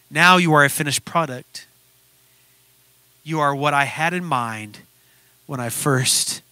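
A man playing a patient, wise old male potter who speaks in a calm, gentle, reassuring way. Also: a little high, no room sound, pitched below the performer's own voice.

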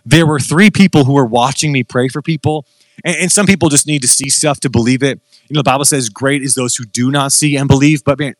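A man in his thirties preaches with an animated, self-deprecating storytelling style. His voice sits a little higher than most men's and leaps even higher when he gets excited. The sound is dry and close. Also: dry recording. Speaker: guest preacher. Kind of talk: sermon storytelling.

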